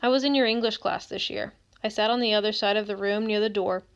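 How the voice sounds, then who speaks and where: A woman reading as a quiet, overlooked teenage boy who speaks in a reflective, wistful way, in an audiobook. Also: medium pitch, fairly even intonation, fast, gravelly, highs cut off, natural voice.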